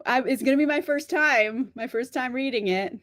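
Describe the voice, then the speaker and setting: A woman's voice: high-pitched, moderate pace, fairly bright tone, dry recording, studio quality. A young woman chatting casually on a live stream about books, laughing often and speaking bluntly. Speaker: book streamer answering chat.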